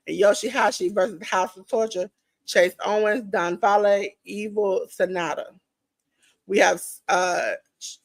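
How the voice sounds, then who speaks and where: A woman hosts a relaxed wrestling preview podcast, talking straight to her audience and calling them ladies and gentlemen. Her voice is wearing thin and going hoarse, at an everyday middle pitch. The sound is dry and close, with no room echo. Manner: chatty, addresses listeners directly as ladies and gentlemen. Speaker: podcast host. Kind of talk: casual wrestling preview chat.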